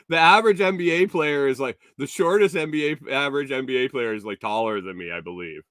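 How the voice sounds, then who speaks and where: A man's voice: medium pitch, fairly bright tone, smooth, no echo, clean studio sound. A man hosting a morning show, telling a rambling story to his live chat with frequent chuckles and restarts. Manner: rambling, chuckling, self-correcting.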